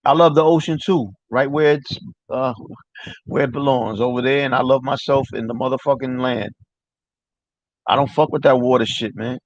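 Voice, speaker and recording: A man's voice: mid-range voice, steady tone, normal speed, no room sound. New man, casual livestream chat, profane, rambling, dry dull lo-fi sound. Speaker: livestream host.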